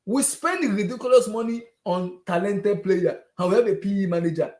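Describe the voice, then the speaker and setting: A man's voice: high voice, moderate pace, darkish tone, reverberant. A man ranting as a furious football fan, exasperated and repeating himself over and over. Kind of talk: heated fan rant on a video hangout.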